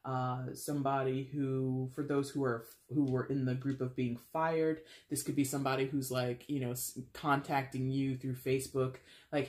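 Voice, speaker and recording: A man's voice: mid-range voice, steady tone, normal speed, few pauses, darkish tone. Chatty man in an echoey room. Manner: chatty, filler-heavy, wry and blunt. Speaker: tarot reader. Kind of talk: casual tarot reading monologue. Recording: roomy echo.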